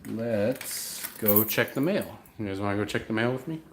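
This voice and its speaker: Young man, lowish voice, rambling profane vlog chat, roomy echo. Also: moderate pace, slight background noise. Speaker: vlogger. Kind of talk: casual chat to viewers.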